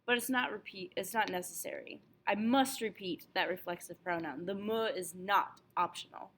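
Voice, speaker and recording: A woman teaching French, calmly going over a test review and slowing down for example phrases. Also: mid-range voice, slight background noise. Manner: clear, patient explaining with slowed example phrases.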